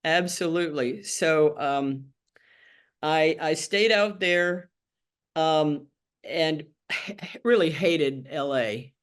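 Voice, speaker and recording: A woman's voice: low-pitched, extremely slow, smooth. An older woman from Tennessee, telling her life story frankly and wryly in an oral history interview, acting out the voices of people she quotes. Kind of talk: candid personal storytelling.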